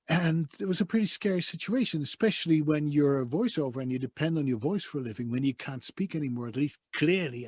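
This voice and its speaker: A man's voice: fairly high pitch, expressive, normal speed, darkish tone, husky, no echo. A man with a Dutch accent, a voice-over artist, telling his story with passion and emphasis in a soundproof home studio. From Netherlands. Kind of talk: conversational interview storytelling.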